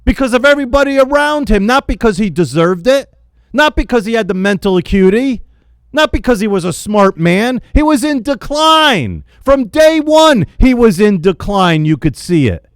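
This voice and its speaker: A man angrily venting in a spoken rant, yelling, repeating himself and stumbling over his words in frustration. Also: high voice, very animated, normal speed, clear, resonant tone, dry recording. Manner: repeats phrases for emphasis. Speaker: political vlogger.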